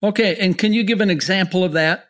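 A man's voice: sits high, fast talker, fairly bright tone. A man hosting an interview, asking friendly, curious questions. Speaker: interview host. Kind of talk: interview host.

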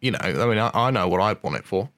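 A man's voice: lowish voice, animated, quick pace, fairly bright tone, no room sound, studio quality. A man hosting a podcast, reading a news story aloud in casual comic chat, wry and freely swearing, stumbling and rereading lines. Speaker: podcast host.

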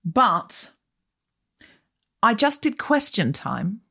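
A woman's voice: medium pitch, very slow, vocal fry, breathy edge. A woman hosting a podcast in casual comedic chat over a video call, telling stories with energy and often acting out what other people said. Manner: animated storytelling, mimicking others in quotes. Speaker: podcast host.

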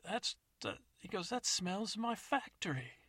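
A man's voice: sits high, very animated, a little slow, pushed and bright, breathy edge, dry recording, clean studio sound, voice pushed up, exaggerated voice. A man voicing a rambling, folksy old male soap maker who hesitates and wanders off topic.

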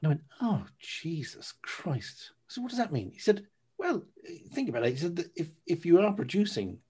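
Podcast guest, man in his thirties, husky voice, candid and animated storyteller. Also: sits high, quick pace. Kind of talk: casual storytelling.

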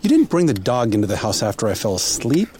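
A man's voice: fairly low pitch, very animated, fast, a little mellow, slight background noise. An actor playing a weary widowed father of two girls, with a dry, sardonic way of talking, in an audio drama. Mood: puzzled.

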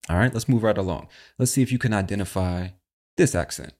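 Podcast host, low male voice, chatty and lively, talks straight to the listener. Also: fast. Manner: animated, chatty, addresses listener as "my friend". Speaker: podcast host and English teacher. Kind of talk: casual educational podcast.

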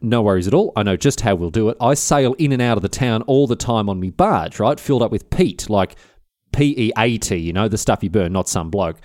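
A man's voice: on the low side, lively intonation, brisk, a little mellow, no room sound, studio quality, lightly acted. A man voicing a laid-back, chummy male barge trader in a comic history podcast.

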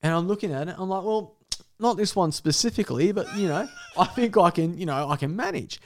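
A young man telling an animal story with animated energy, swearing and laughing as he goes. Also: high-pitched, fairly quick, slight background noise. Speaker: guest storyteller. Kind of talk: casual podcast storytelling.

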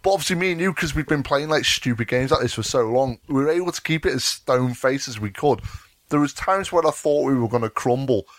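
A man's voice: medium pitch, a little fast, no room sound. A young man co-hosting a podcast, telling a story in a casual chat, swearing and laughing often. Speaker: podcast co-host.

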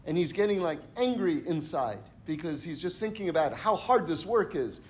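A man's voice: fairly high pitch, expressive, moderate pace. A man teaching a Torah lesson through stories, often checking in with his listeners by asking "right?". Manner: acts out characters in a story. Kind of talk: storytelling lesson.

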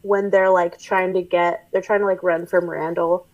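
A woman's voice: fairly low pitch, little pitch movement, normal speed, recorded from a distance, lo-fi sound. A woman co-hosting a podcast, chatting casually about a film with lots of "like"s and acted-out movie lines. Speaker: podcast co-host.

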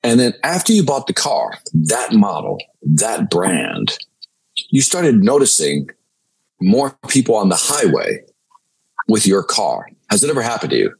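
Male guest sales trainer, animated storyteller, husky voice with lots of pitch swing. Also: measured pace, poor audio. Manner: energetic, repeats "right?" to the listener.

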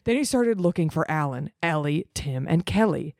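A woman with a somewhat low voice reads a story aloud, swinging between dramatic readings and flat, sarcastic commentary. Her pitch moves a great deal. The recording is close and dry, with no room echo. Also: normal speed, creaky, hardly any pauses. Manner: sarcastic, mocking asides.

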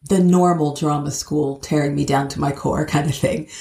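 A middle-aged woman with an American accent, chatting casually as an interview guest, animated and laughing often. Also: deep voice, moderate pace, vocal fry, reverberant. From United States. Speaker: guest, actor.

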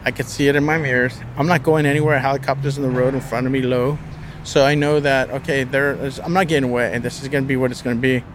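A man's voice: mid-range voice, steady tone, quick pace, background noise. A man as an interview guest, telling a story casually with a vivid, profane manner.

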